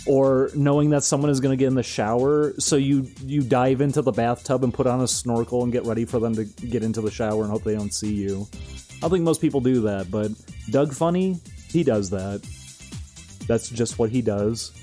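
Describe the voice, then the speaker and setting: A man's voice: medium pitch, normal speed, warm tone, faint music behind. Rambling, amused young man streaming. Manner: rambling, amused, laughs often. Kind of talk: casual stream commentary.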